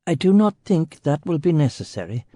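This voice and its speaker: A stiff, nervous head of a foreign delegation, played by a male audiobook narrator. He talks with formal politeness in a raised, mellow voice, close and dry. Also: a little high, very animated, fairly quick, no room sound, voice pushed up.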